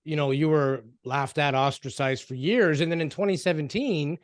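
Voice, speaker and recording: A man's voice: on the high side, normal speed, no room sound. Supportive male podcast host, dry sound. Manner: relaxed, supportive, says "you know" and "like". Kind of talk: interview questions.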